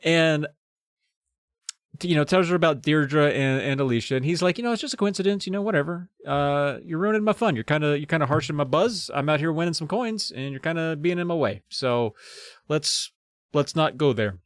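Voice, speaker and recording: A man's voice: fairly high pitch, lively intonation, a little fast, no room sound. Wry man, dry close sound. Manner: casual, wry, reacts with laughs and swearing. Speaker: podcast co-host. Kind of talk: comedic book recap podcast.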